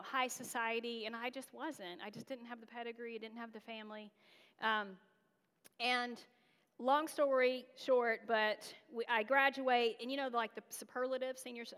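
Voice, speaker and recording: A woman from North Carolina preaches in a candid, conversational way and mixes personal stories with self-deprecating asides. Her fairly high voice carries the long reverb of a large church hall. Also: fairly bright tone. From North Carolina, USA. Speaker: guest preacher. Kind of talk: storytelling sermon.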